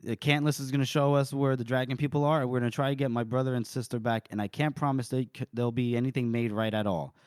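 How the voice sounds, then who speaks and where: A man's voice: medium pitch, steady tone, fast, few pauses, darkish tone, clear, resonant tone, dry recording, clean studio sound, pitched below the performer's own voice, lightly acted. A man voicing a tough young frontier woman who speaks in a blunt, bitter way.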